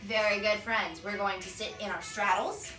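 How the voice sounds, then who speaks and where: A young woman teaching a children's dance warm-up from a home workout room, cheerfully counting beats and coaching. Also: mid-range voice, fairly even intonation, normal speed. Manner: bright, encouraging, counts beats aloud. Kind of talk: upbeat kids' dance class instruction. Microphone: camera across the room. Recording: echoey room from far off, with music. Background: music playing.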